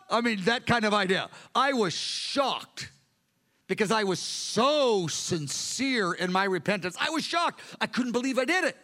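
A male pastor preaching a sermon with animated storytelling. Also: high voice, measured pace.

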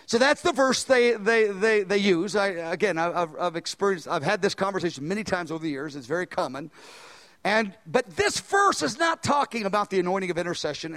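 An older man preaching a sermon as pastor, animated, swinging between loud emphasis and quiet asides. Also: high voice.

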